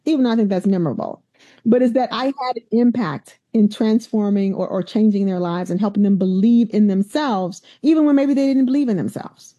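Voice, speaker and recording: Emphatic woman, mellow voice, dull sound. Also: on the high side. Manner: animated storyteller, emphatic. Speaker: university president, guest. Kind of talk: conversational interview.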